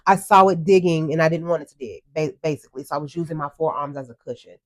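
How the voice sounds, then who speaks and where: Low-voiced woman retelling an ordeal. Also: fast. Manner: earnest, tearful retelling, quotes herself. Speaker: podcast co-host. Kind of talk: emotional storytelling.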